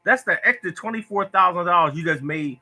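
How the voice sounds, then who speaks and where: A man's voice: high voice, brisk, sharp tone. A man hosting a casual phone livestream about lottery tips, talking in a preachy, repetitive, emotional way. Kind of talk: casual Facebook live talk.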